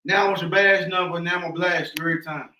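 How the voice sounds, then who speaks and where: A man's voice: sits high, steady tone, very fast, sharp tone, recorded from a distance, slight background noise. A man co-hosting a podcast in casual chat, talking bluntly. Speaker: podcast co-host. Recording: echoey room from off-mic.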